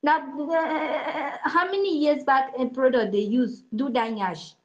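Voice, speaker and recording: High-voiced Nigerian woman ranting. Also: takes it slowly, muffled recording. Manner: heated, emphatic, repetitive. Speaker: speaker in an online audio chat. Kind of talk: opinionated rant.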